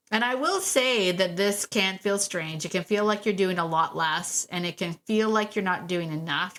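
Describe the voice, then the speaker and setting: A woman hosting a solo podcast about dog training, chatty and warm, laughing often and repeating phrases for emphasis. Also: on the low side. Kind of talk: casual solo podcast talk.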